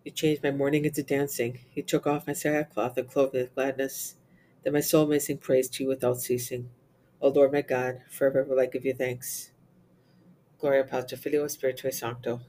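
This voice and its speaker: A man's voice: mid-range voice, moderate pace, slight background noise. Man steadily reciting psalms and prayers. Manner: steady recitation with Latin responses, occasional slips and restarts. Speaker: reader of the Divine Office.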